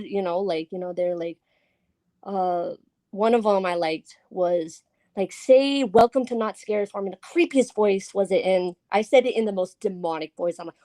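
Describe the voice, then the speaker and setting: A woman's voice: medium pitch, a little mellow, no echo. Chatty woman scare actor, dry sound. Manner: chatty, giggly, full of fillers. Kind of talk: casual podcast chat.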